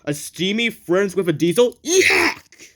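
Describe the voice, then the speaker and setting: A woman's voice: mid-range voice, sing-song, slow pace, fairly bright tone. A woman voicing a vain, grumpy male engine in a fan cartoon, talking in a sarcastic, snappy way.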